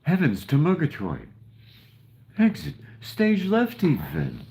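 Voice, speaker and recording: A man's voice: fairly high pitch, huge pitch swings, takes it slowly, creaky, a little mellow, a little hiss or hum, voice pushed up, heavily acted. A man voicing a flamboyant, theatrical male cartoon lion, with grand exclamations and a lisp.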